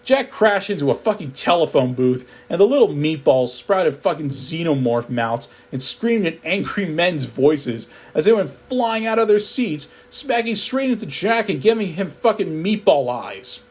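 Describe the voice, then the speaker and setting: A man narrating a comedic horror story in a profane, deadpan storytelling manner. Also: fairly high pitch, normal speed, few pauses.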